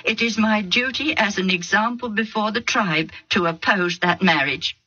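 A woman's voice: medium pitch, normal speed, pushed and bright, husky, dull audio, pitched above the performer's own voice. A woman voicing a stern, old, blind father.

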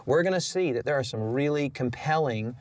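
A man's voice: mid-range voice, expressive, brisk, no echo. Male host for a faith panel, emphatic and reflective, dry close sound.

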